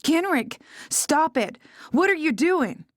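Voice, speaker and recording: A bewildered young heroine, voiced by a woman, startled and full of questions. Her voice sits high. The read is dry and close, as in an audiobook booth. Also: very animated, slow, dry recording, exaggerated voice. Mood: alarmed. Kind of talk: audiobook character voice.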